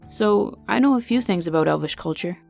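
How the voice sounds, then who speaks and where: A woman's voice: fairly low pitch, animated, a little fast, vocal fry, a little mellow, soft background music. A woman reading the lines of a polite, slightly awkward young man who is earnest and apologetic. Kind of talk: audiobook character reading.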